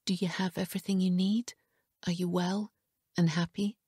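A woman voicing a grieving, remorseful father who speaks softly and haltingly, his voice catching with tears, in an audiobook. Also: lowish voice, little pitch movement, husky, no echo, studio quality. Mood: tender. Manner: soft, halting. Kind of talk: audiobook character reading.

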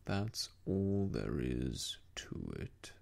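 A man voicing a gloomy old male donkey, talking slowly and mournfully in a whispered role-play. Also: a bass voice, sing-song, vocal fry, darkish tone, voice pushed down, exaggerated voice. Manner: slow, mournful, self-pitying sighs.

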